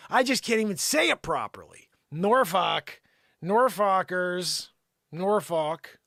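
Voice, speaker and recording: A man hosting a live comedy stream, rambling through an improvised riff that swings between shouted outrage and mumbled asides. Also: high voice, dry recording, clean studio sound. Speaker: comedy livestream host. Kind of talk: unscripted comic riffing.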